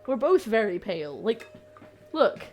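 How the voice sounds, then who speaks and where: A woman's voice: mid-range voice, big pitch swings, a little slow, faint music behind. A woman chatting casually while baking on a live stream, teasing and laughing often. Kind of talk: casual chat while cooking.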